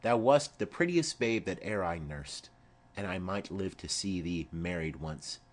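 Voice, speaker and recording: Man reading an old woman nurse, rambling, lively swooping pitch, unhurried, audiobook play reading. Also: slight background noise. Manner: rambling, digressive storytelling. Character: chattering elderly woman nurse, rambling and fond.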